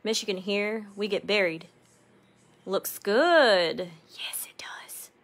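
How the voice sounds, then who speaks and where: Woman, casual live co-host, chatty and quick to laugh. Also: mid-range voice, lively intonation, a bit bright. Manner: chatty, laughs often, reads viewer comments aloud. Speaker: craft channel co-host. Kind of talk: casual livestream chat while crafting.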